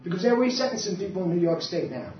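A woman's voice: fairly low pitch, lively intonation, fast talker. A woman activist speaking bluntly and defiantly at a public meeting, telling stories with animation. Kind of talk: impassioned live talk. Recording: echoey hall, distant mic, dull sound, faint hiss.

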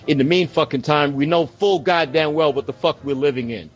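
A man's voice: on the high side, fairly quick, hardly any pauses, slightly rough, lo-fi sound, faint music behind. A man ranting passionately about politics, swearing constantly and raising his voice as he argues. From United States. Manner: profane, impassioned, ranting. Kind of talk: heated political rant.

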